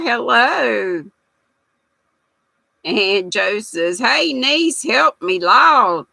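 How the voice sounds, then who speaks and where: An older woman talks in a slow, unhurried way, chatting folksily with her livestream viewers. Her voice is gravelly but bright. The sound is dry and close. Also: mid-range voice, dry recording, poor audio. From United States. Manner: chatty, folksy, reads viewer comments aloud. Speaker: livestream host reading chat. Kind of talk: casual chat.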